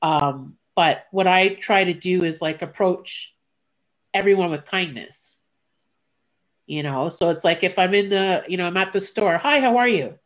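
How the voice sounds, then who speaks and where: A woman's voice: lowish voice, unhurried. A woman in casual conversation, candidly retelling a personal story, with frequent restarts and blunt asides. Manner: candid, animated retelling with quoted voices, blunt.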